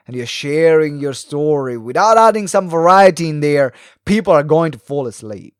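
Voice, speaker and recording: Animated man hosting a live talk. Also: no echo, studio quality. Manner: animated, varies pace and pitch with frequent fillers; fast-talking. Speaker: podcast host. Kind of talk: solo live-stream talk. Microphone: close mic, live video stream.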